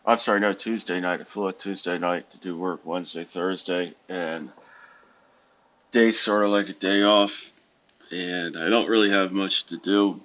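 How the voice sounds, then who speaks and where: A man's voice: sits low, steady tone, moderate pace, a bit bright, muffled recording. A tired man from the United States talking casually in a rambling, self-correcting, wry way from a hotel room. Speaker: vlogger. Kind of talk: casual vlog monologue.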